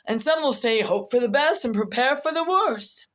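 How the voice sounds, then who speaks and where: A woman's voice: a little high, lively intonation, moderate pace, fairly bright tone. A woman vlogger rambling through casual commentary, repeating herself and muttering asides as she goes.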